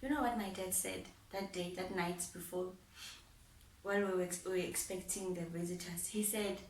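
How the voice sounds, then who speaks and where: A woman's voice: fairly low pitch, normal speed, recorded from a distance, slight background noise. Young woman telling her story in a roomy echo. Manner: animated, laughing, acting out both sides of the dialogue. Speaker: vlogger. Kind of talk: personal storytelling. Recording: roomy echo, voice set back from the mic.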